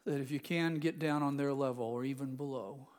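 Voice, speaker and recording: A man in his sixties preaching a sermon, rising to loud emphatic declarations and dropping to hushed, intimate storytelling. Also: mid-range voice, fairly even intonation, brisk, big-room sound. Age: 60s. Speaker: pastor.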